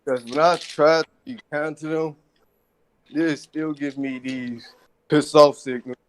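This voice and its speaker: A man calling in to a live stream, speaking casually in plain, halting sentences. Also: a little high, steady tone, clear, resonant tone. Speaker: caller. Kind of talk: casual call-in chat.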